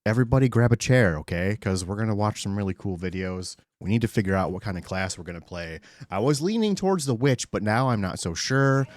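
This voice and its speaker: A man streaming live, chatting casually and excitably with his chat, swearing often and greeting viewers by name. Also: on the low side, brisk, hardly any pauses.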